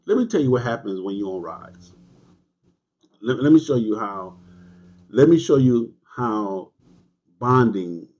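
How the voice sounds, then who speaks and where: A man's voice: on the low side, expressive, a little slow, pauses often, darkish tone. A man giving an emphatic, repetitive livestream talk as a motorcycle club leader, using street slang and answering viewers' comments. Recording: dull lo-fi stream audio.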